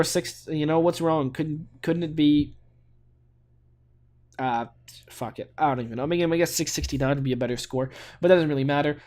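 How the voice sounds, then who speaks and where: A young man hosting a gaming channel, casually commentating his play and thinking aloud, with frequent restarts and a rambling manner. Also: fairly high pitch. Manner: rambling, self-talking, restarts often.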